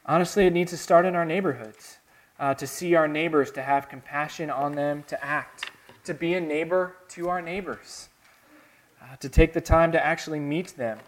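A man from the American South preaching a sermon with a Southern accent, earnest, swinging between soft, quiet passages and emphatic, rising lines. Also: fairly high pitch, fairly even intonation, normal speed. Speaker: pastor.

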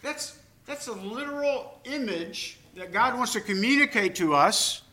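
A man's voice: very high-pitched, expressive, a little slow, bright, forceful tone. An older man preaching a sermon, earnest and emphatic, with personal asides. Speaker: pastor.

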